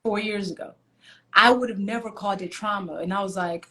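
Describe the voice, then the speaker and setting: A woman's voice: medium pitch, fast, fairly bright tone. A woman from Nigeria, a guest in a casual live video chat, telling personal stories and animatedly acting out her own past lines. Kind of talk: casual conversation, personal storytelling. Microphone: live video call.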